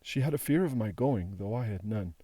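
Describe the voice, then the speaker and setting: A man reading the part of a frail old former prisoner, who speaks slowly, haltingly and mournfully. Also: on the low side, expressive, mellow, husky, no room sound. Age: older.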